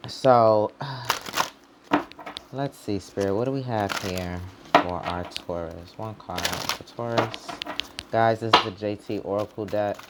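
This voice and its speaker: Heavy background noise surrounds a man's low voice as he slowly works through a casual tarot reading for his channel. As a tarot reader he's loose and rambling, leaning on "like" and "you know," with informal talk and an occasional swear word.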